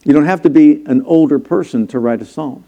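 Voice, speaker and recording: Pastor, man in his sixties, higher-pitched but mellow voice, conversational sermon delivery with acted-out quotes. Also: brisk, gravelly, dull audio. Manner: conversational preaching, acts out quoted lines, gets louder and higher when worked up. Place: church sanctuary.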